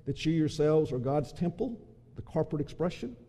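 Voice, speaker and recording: A man's voice: fairly high pitch, animated, moderate pace, mellow. A male pastor preaching a sermon in a church, fervent and emphatic with frequent restarts. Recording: long hall reverb.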